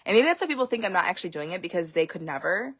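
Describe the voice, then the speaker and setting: Chatty young mom, rambling and frank. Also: female voice, on the low side, big pitch swings, racing, a bit bright, husky. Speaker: homeschooling parent. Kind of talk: casual vlog monologue.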